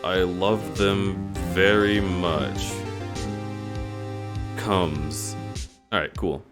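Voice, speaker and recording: Game music runs underneath this casual live-stream chat, where a man plays a video game and ribs his viewers in a silly, teasing manner. His voice is low-pitched and his delivery extremely slow.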